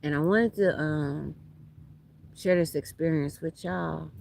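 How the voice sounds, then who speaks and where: A woman's voice: low-pitched, slow, gravelly, darkish tone. A woman reads tarot on a casual livestream from the beach. She talks to her viewers bluntly, animatedly and with plenty of profanity. Her phone mic picks up a faint outdoor noise behind her voice. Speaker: tarot reader.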